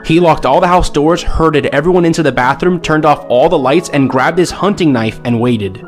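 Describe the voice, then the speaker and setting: A man reads a scripted story steadily and evenly. His voice is a little high, with faint music underneath. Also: normal speed. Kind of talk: scripted narration.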